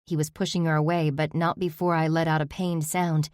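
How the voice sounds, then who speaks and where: A woman reading a first-person story aloud as an audiobook narrator, steady and even. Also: low-pitched, a little fast, dry recording, clean studio sound.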